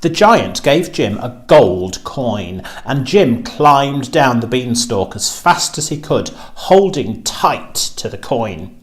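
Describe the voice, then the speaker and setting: A man reading a children's storybook aloud, with a slow and expressive delivery. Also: mid-range voice.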